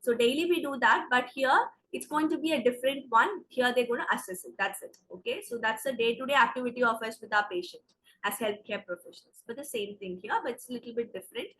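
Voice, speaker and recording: This classroom lecture comes from a woman with an Indian English accent whose voice is a little high and fairly bright, and she talks fast. Over a low-quality recording, she walks through exam prep material step by step, asking "okay" as she goes.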